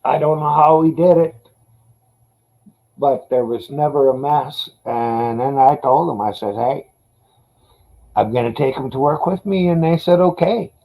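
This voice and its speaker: A man's voice: medium pitch, measured pace, pauses often, warm tone, low-quality recording. A man in casual chat, telling dog stories in a laid-back, profane way.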